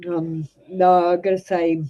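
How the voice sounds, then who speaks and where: A woman's voice: fairly low pitch, flat delivery, unhurried, muffled recording. An Australian woman reading tarot cards on a live stream, chatting bluntly and casually with viewers in a practiced announcer-style delivery. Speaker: tarot reader.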